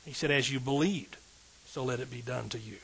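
A man's voice: mid-range voice, a little fast, creaky, a bit bright, a little hiss or hum, rough recording. A middle-aged man, a pastor preaching a sermon in an emphatic call-and-response style with rising outbursts.

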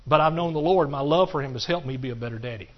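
A middle-aged man preaches in a folksy, animated way, talking straight to his congregation between points. His voice sits a little higher than most men's. The recording is slightly dull and lo-fi. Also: fast. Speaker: pastor. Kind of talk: sermon.

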